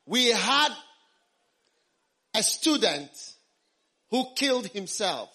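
A man's voice: high voice, sing-song, very slow, pushed and bright. A man preaching a sermon through an interpreter, telling a scripture story dramatically and acting out the characters. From studied medicine.

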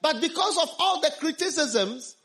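A man's voice: very high-pitched, animated, normal speed, pushed and bright. A man preaching a sermon through an interpreter, telling a scripture story dramatically and acting out the characters. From studied medicine.

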